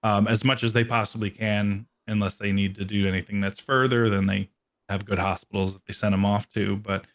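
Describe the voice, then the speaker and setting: A man's voice: on the low side, little pitch movement, fairly quick. Laid-back young man, rambling and chatty. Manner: loose and rambling, many "like" fillers, laughs easily. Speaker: guest, metal band musician and dog owner. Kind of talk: casual podcast chat.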